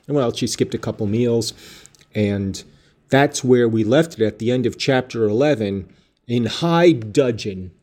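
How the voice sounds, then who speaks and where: A man's voice: mid-range voice, unhurried, darkish tone. A man hosting a podcast, talking in a dry, self-mocking, digressive monologue. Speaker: podcast host. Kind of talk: casual rambling monologue. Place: home in Savannah.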